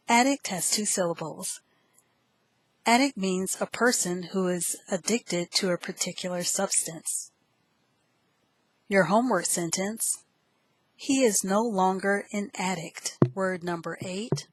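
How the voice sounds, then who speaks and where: A woman teaching English vocabulary, who spells each word letter by letter and repeats it slowly. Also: medium pitch, poor audio. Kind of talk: slow, deliberate vocabulary lesson.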